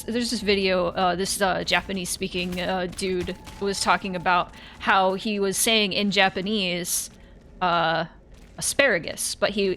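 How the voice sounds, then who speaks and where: Woman, live streamer, casual rambling chat, animated stories, mid-pitched voice. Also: slight background noise. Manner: rambling, animated storytelling with sudden yelps.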